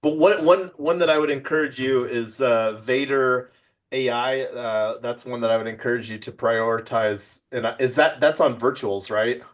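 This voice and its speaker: A man's voice: medium pitch, normal speed. Rambling man hosting casual office hours. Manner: rambling, lots of fillers and restarts. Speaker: project host.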